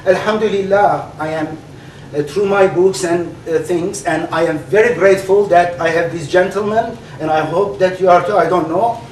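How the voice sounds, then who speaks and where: Turkish-accented male debate speaker, animated, halting, lots of fillers; high voice, roomy distant sound. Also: slight background noise. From Turkey. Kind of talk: public debate speech. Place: large hall. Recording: echoey hall recorded from far off.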